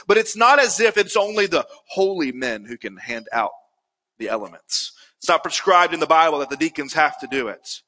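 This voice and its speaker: Bright-voiced male pastor preaching in a hall. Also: high-pitched. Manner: earnest, builds to emphatic peaks. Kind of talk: sermon.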